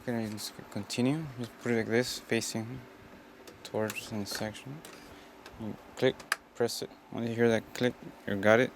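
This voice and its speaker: A man casually walking through a hands-on how-to, giving plain, unhurried step-by-step instructions. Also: lowish voice, steady tone, gravelly, background noise. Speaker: tutorial presenter.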